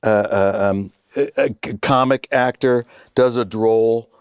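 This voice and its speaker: A man's voice: fairly low pitch, a little slow, clear, resonant tone, dry recording, clean studio sound. A man in his sixties, a guest on a chat show, telling a story in a casual way and acting out the voices of the people in it. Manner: animated storyteller who acts out quoted voices. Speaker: guest actor.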